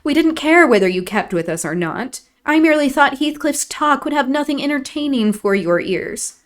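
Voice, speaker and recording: A woman's voice: high-pitched, animated, normal speed, pitched above the performer's own voice. A woman doing a scornful, proud young lady. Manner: scornful, emphatic. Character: proud, sharp-tongued young lady of the house.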